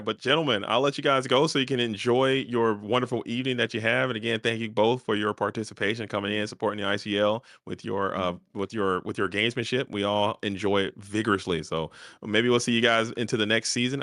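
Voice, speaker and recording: A man's voice: on the low side, steady tone, fairly quick, fairly bright tone, no room sound. A man co-hosting a game tournament livestream, talking up upcoming events with upbeat hype and catchphrases. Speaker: tournament stream co-host. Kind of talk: casual livestream commentary.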